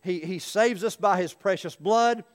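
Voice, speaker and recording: A man's voice: high voice, unhurried, in a large hall. A male pastor preaching a sermon in an earnest, folksy way, telling stories. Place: church.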